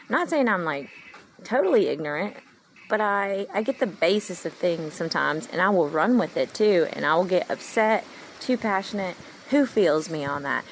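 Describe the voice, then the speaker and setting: Woman, 30s, low gravelly voice, meandering heartfelt vlog monologue, faint hum behind. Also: expressive, fairly quick, rough recording. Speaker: vlogger. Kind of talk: rambling personal monologue.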